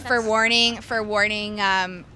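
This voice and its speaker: A woman's voice: mid-range voice, steady tone, a little slow, background noise. A woman being interviewed on the street, talking with wry, nerdy enthusiasm. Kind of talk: casual chat.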